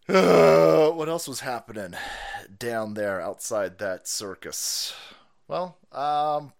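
Animated, profane livestream ranter, a man. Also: medium pitch, slow, vocal fry. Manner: profane, laughs often, animated. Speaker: livestream host. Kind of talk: ranting political livestream commentary.

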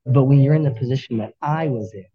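A man, a firefighter, talking earnestly as a podcast guest, with halting restarts. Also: mid-range voice, husky, no room sound, dull audio. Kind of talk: candid interview talk.

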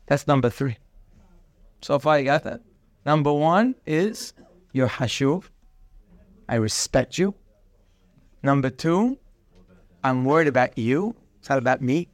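A man's voice: mid-range voice, measured pace, long pauses, dry recording. A man teaching a daily Torah class, acting out bits of dialogue and mixing in Hebrew terms. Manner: animated, acts out dialogue, mixes in Hebrew terms.

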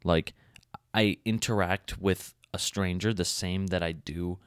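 A young man with a very deep voice co-hosts a casual podcast. He speaks in a relaxed, halting way, filling pauses with "like." The sound is close and dry. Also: smooth, no echo. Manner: laid-back, hesitant, many fillers. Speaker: podcast co-host. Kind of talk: casual chat. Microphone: podcast mic.

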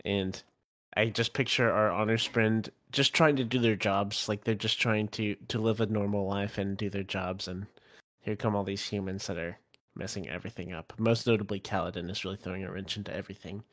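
Podcast co-host, man, low voice, rambling and amused. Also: fairly even intonation, fairly quick, a bit bright. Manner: amused, rambling, self-interrupting. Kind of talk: casual book discussion.

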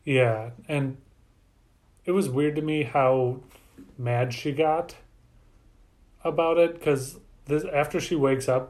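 Man, podcast co-host, rambling analytical chat, casual swearing, warm dark tone. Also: medium pitch. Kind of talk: casual movie review chat.

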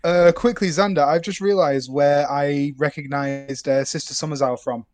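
A man co-hosting a casual film podcast, talking in an animated, joking way. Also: fairly high pitch, normal speed. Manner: animated, joking, quotes actors' lines. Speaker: podcast co-host.

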